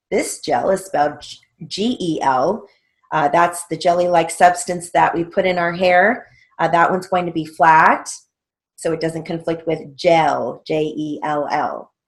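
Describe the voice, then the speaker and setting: A woman teaching a steno theory lesson, patiently spelling out words letter by letter and checking in with "okay?". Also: low-pitched. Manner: slow, patient, letter-by-letter dictation with frequent "okay?" check-ins.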